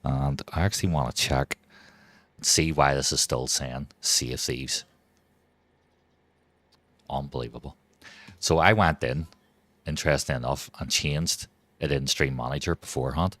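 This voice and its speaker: A man with an extremely deep, low voice chats through a live game stream, rambling from one thought to the next and swearing freely. The sound is dry and close, with no room around it. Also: fairly even intonation, measured pace, pauses often, fairly bright tone, no echo. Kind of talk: casual live-stream chat.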